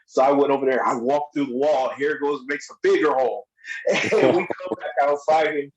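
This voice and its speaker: A man telling wrestling stories as a podcast guest, in a casual, animated way, acting out other people's lines in a raised voice and laughing often. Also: medium pitch, moderate pace, lo-fi sound, a little hiss or hum. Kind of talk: casual storytelling.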